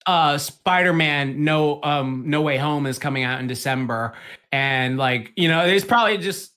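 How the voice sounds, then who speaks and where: Bright-voiced excitable man chatting. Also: a little high, moderate pace. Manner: excitable, swears freely, acts out quotes. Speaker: podcast co-host. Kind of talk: casual podcast chat.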